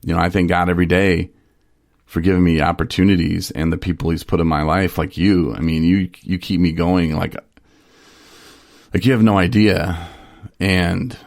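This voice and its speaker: A man's voice: deep voice, steady tone, moderate pace, vocal fry, dry recording, studio quality. A man in recovery telling stories on a casual radio talk show, rambling with restarts and short laughs. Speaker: person in recovery sharing his story.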